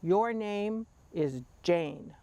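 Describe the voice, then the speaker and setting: A woman's voice: mid-range voice, lively intonation, very slow, dark tone. A woman doing a stern cawing crow woman. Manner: scolding, clipped cawing. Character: stern elder schoolwoman heard as a cawing crow.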